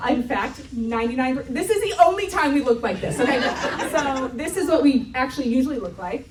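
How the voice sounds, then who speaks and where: A woman in her thirties speaks at a church retreat in a chatty, self-mocking way, laughing easily as she goes. Her voice sits a little high. The sound is roomy, with the echo of a hall, as if picked up from some distance. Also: expressive, fairly quick, crowd noise, background noise. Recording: echoey hall, mic from afar.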